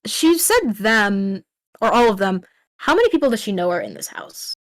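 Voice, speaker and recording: A woman's voice: mid-range voice, sing-song, moderate pace, no echo. A woman game master running a tabletop horror game over a voice call, chatty and laughing easily.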